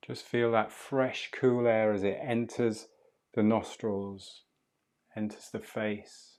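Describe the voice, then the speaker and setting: A man leading a guided breathwork class, speaking slowly, softly and calmly. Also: on the low side. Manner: slow, soft and calm guidance. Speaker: breathwork instructor.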